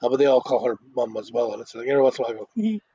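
رجل يتحدث في دردشة عفوية بأسلوب متشعب ومتقطع، يعيد بدايات جمله، بصوت أجش في تسجيل جاف ومكتوم. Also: male voice, medium pitch, fairly even intonation, mellow, breathy edge, dull audio. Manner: rambling, halting restarts. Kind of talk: casual chat.

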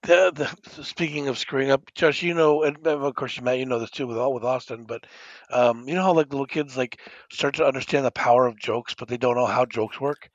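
A man's voice: medium pitch, fairly quick, no echo, lo-fi sound. A man co-hosting a podcast, telling a rambling story with swearing and laughter. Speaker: podcast co-host. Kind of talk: casual chat.

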